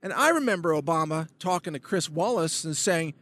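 A man speaking alone to camera in a fairly high voice, ranting about politics. He is indignant and sarcastic, pressing his points hard and repeating himself for emphasis. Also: expressive, fairly quick, hardly any pauses, fairly bright tone. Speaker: political commentator. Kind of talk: monologue video blog.

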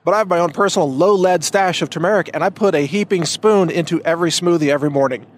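A man on his own podcast, his voice pitched a little high for a man. He talks in a loose, rambling monologue, doubling back on his words and leaning hard on emphatic points. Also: fast talker. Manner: rambling, emphatic, many restarts. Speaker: podcast host. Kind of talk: casual monologue.

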